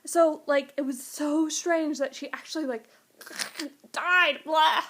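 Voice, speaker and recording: Gushing high-voiced woman. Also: slow pace, a little hiss or hum. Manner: gushing and excitable, jumping to high squeals. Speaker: book reviewer. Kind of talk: casual book review vlog.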